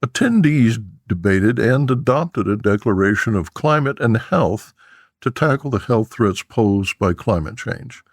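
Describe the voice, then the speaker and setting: A man reads scripted news headlines in a measured, even newsreader manner. His voice sits low, and the recording is dry with no room sound. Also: dry recording. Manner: measured, steady newsreader delivery. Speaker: news podcast host.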